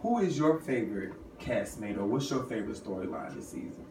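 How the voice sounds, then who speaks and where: An interviewer asking a reality show guest questions in a casual street chat, lively and quick to laugh. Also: mid-range voice. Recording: echoey, distant mic with street noise.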